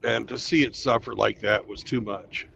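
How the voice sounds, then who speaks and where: A man's voice: on the low side, fairly even intonation, normal speed, vocal fry, fairly bright tone. A man co-hosting a casual podcast chat, blunt and swearing freely as he tells stories. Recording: dull lo-fi line with faint hiss.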